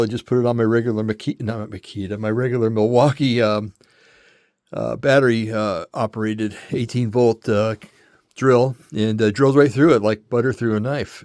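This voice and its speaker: A man's voice: medium pitch, darkish tone, dry recording, studio quality. An older man casually demonstrating a tool, rambling and correcting himself often, a little out of breath. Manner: rambling, self-correcting, lots of fillers. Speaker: metal casting hobbyist showing a tool.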